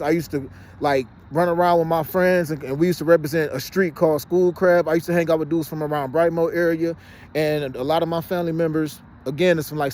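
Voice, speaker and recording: Man, rapid insistent outdoor phone vlog, high-ish voice. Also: a little mellow. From Detroit, Michigan. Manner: rapid and insistent, often says "you know what I'm saying". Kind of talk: casual monologue to camera. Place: outdoors by a fenced exercise area.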